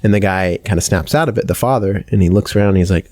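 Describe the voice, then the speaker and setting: Fast-talking low-voiced male podcast host. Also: no room sound, studio quality. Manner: rambling, swears freely, gets animated retelling stories. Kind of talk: casual conversational podcast chat.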